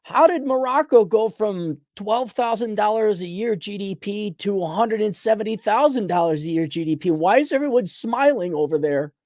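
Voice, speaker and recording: A man's voice: high voice, animated, moderate pace, few pauses, darkish tone, dry recording, clean studio sound. A man hosting a casual rant show, answering a viewer's letter in a blunt, profane, rambling way with lots of restarts. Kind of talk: casual ranting commentary.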